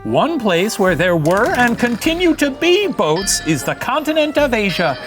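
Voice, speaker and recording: A man's voice: very animated, measured pace, music in the background, exaggerated voice. A man doing a flamboyant puppet professor. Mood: storytelling. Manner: theatrical and singsong, big swoops in pitch. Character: flamboyant puppet history professor, male, theatrical. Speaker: host playing a puppet professor. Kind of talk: comedic scripted history lesson.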